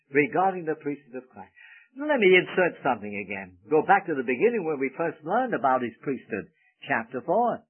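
An earnest male preacher whose voice swells loud on key words and falls soft after. He sits a little high and moves with lively pitch, with a husky edge. The sound is tinny and phone-like, like an old radio broadcast. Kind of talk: sermon.

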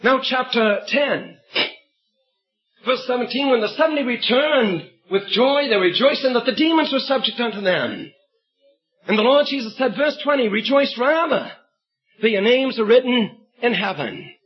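A man preaching a sermon, telling an illustrative story and reading scripture with emphatic storytelling and bursts of shouted emphasis, on a dull lo-fi recording. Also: very high-pitched, expressive, normal speed, breathy edge.

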